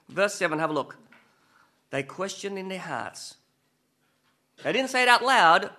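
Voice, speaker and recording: A man's voice: sits high, lively intonation, a little slow, pauses often, bright, forceful tone. A man preaching a conversational sermon who keeps asking his listeners rhetorical questions and jokes about himself. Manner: asks the listeners rhetorical questions, chatty and self-mocking.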